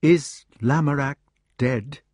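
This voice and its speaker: A man's voice: mid-range voice, takes it slowly, darkish tone, no room sound, studio quality, pitched above the performer's own voice. A man voicing an aging king who is agitated and full of remorse, speaking in urgent, pleading bursts. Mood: gentle.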